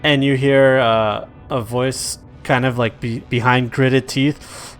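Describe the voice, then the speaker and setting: A man narrating a tabletop game as game master, casual and profane, dropping into quick quotes of the characters. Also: mid-range voice, level tone, clear, resonant tone, faint music behind.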